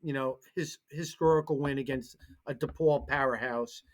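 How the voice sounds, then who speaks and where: On a laid-back sports talk show, this co-host spins animated stories and impersonates the people he's quoting. His pitch is medium and he talks at normal speed.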